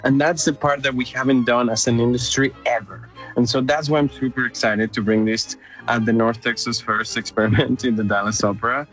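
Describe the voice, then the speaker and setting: A man's voice: medium pitch, brisk, faint music behind. Enthusiastic man with a Mexican accent. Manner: enthusiastic, animated, lots of fillers. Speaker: opera company director. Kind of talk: interview answers.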